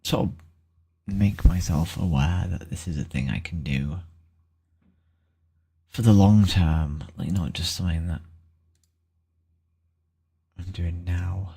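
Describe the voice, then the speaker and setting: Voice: low-pitched, takes it slowly, long pauses, mellow, husky. A vlogger thinking aloud in a rambling, hesitant way while setting things up on a computer. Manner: rambling, hesitant, trailing off with many ums.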